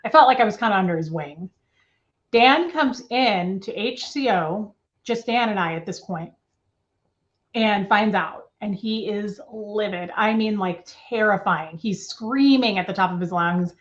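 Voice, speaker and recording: Woman, mid-pitched voice, emotional halting delivery, restarts, remote interview, dull audio. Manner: emotional, halting retelling with restarts and nervous laughs. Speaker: interview guest. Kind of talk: personal testimony in a remote interview. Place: at home.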